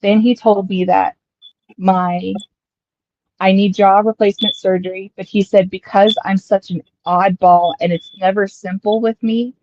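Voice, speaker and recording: A young woman from Colorado casually telling a long personal story, rambling and quoting people in lively asides. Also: mid-range voice, unhurried, muffled recording. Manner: chatty, rambling, quotes others in lively asides.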